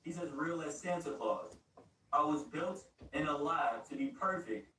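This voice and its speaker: A man's voice: a little high, measured pace, pushed and bright, voice pushed down. A man playing an arrogant, boastful male superhero who calls himself perfect, with a pompous, threatening manner. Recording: roomy echo, distant mic, faint noise.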